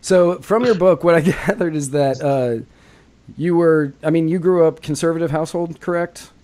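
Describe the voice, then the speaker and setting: A man's voice: a little high, moderate pace, a little mellow. A man hosting a casual podcast chat, playful and laughing often. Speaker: podcast host.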